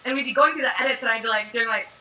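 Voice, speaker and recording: A young woman being interviewed as an actress, chatting casually and telling animated stories full of fillers. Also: a little high, very fast, highs cut off.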